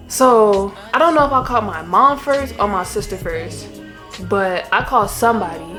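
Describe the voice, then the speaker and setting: Young woman vlogger. Fairly high voice, animated and exasperated storyteller, faint music underneath. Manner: animated, exasperated storytelling, often addressing viewers as y'all. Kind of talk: storytime vlog.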